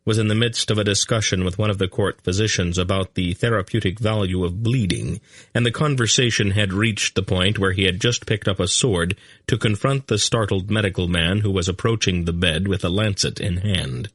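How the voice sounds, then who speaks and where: A man narrating a fantasy audiobook in a slow, measured reading. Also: sits low, a bit bright, slightly rough, dry recording, studio quality. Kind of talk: scripted narration.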